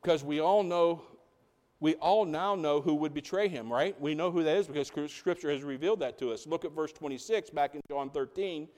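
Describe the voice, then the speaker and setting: In a voice on the high side and a little fast, a man preaches as pastor. He keeps things animated and conversational, repeatedly asking the congregation questions.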